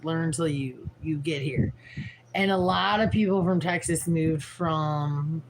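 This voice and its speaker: A woman's voice: on the low side, background noise. A tired woman from St. Louis rambling frankly through a livestream, swearing casually and leaning on fillers. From Midwest US, St. Louis. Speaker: vlogger livestreaming.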